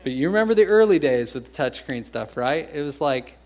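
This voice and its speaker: Joking young American pastor preaching. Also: male voice, a little high, expressive, a little fast, few pauses, darkish tone. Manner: conversational and joking, acts out quoted voices. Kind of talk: sermon.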